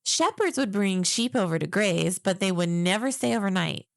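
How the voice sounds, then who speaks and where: Gravelly-voiced woman podcast co-host. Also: mid-range voice, expressive, normal speed, no room sound, studio quality. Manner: chatty, laughs often, tells facts. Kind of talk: casual chat.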